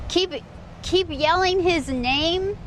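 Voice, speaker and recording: A woman's voice: extremely high pitch, slow, a bit bright, slight background noise. A woman livestreaming outdoors on a beach by a port, chatting casually in a giggly, rambling, self-mocking way. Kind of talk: casual live stream chat.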